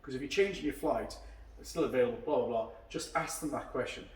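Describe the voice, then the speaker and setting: A man with a medium-pitched, darkish voice talks fast as he hosts a casual podcast chat over a beer. A karate instructor, he tells long rambling anecdotes and acts out what others said. The room is echoey, the mic is at a distance, and there's a little hiss or hum.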